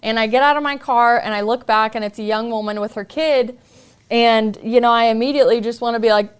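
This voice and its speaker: A woman's voice: fairly high pitch, fairly even intonation, a little fast. A woman podcast host telling a personal story in an earnest, confiding way.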